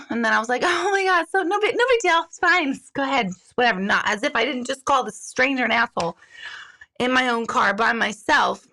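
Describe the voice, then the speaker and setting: A woman's voice: mid-range voice, pushed and bright. A middle-aged woman, a life coach, talking candidly on a live stream, mocking herself and swearing freely. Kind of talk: casual live-stream monologue.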